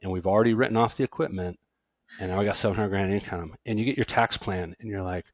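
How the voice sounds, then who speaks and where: Accountant guest, middle-aged man, lively and self-deprecating, low voice, dry close recording. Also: quick pace, no room sound, dull audio. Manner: animated, self-deprecating, stammers on restarts. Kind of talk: casual podcast conversation.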